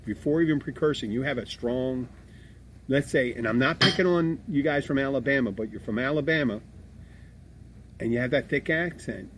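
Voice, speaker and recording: A middle-aged man co-hosting a podcast, chatting casually in a rambling, animated way and swearing freely. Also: mid-range voice, a little hiss or hum. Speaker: podcast co-host. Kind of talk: casual chat.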